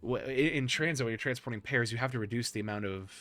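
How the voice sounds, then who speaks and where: Bright-voiced excitable male streamer. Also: mid-range voice, no echo. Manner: excitable, rambling, quick to laugh. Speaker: streamer host. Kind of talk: casual stream chat.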